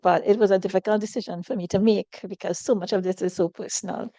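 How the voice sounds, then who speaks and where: A woman's voice: mid-range voice, steady tone, quick pace, warm tone, dry recording. A middle-aged woman, an interview guest speaking earnestly and reflectively about personal hardship.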